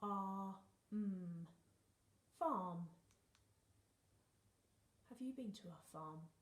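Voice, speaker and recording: A woman's voice: mid-range voice, reverberant. A young woman teaching phonics to young children, playful and encouraging, often dropping into whispers. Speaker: reception class teacher.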